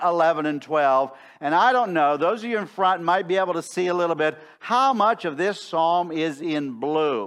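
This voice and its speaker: Pastor, middle-aged male, emphatic sermon delivery, slightly higher voice, leans on key words. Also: fairly bright tone. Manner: emphatic, slows down to stress phrases. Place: church sanctuary.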